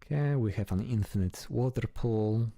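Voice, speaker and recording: A gameplay streamer with a medium-pitched, creaky, dark-toned voice talks at a moderate pace while playing a building game. His commentary is casual and chatty; he talks to himself and swears now and then.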